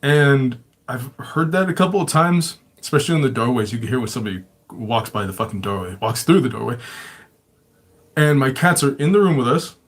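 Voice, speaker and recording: A man's voice: mid-range voice, animated, a little fast. Man host with a mid-range voice, loose and profane, laughs through his own stories. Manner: profane, swears constantly, chuckles often. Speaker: show host. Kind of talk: casual storytelling.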